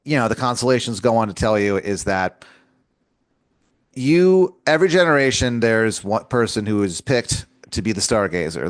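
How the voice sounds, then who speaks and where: Rambling improv storyteller, lower-voiced man. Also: smooth, no echo. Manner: loose and rambling, lots of fillers.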